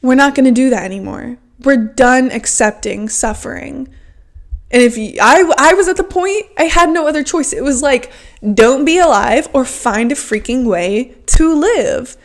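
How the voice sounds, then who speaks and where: A woman's voice: sits high, animated, moderate pace. A woman hosting a podcast, talking frankly and emphatically in a casual self-help monologue, with lots of "like" fillers. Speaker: podcast host.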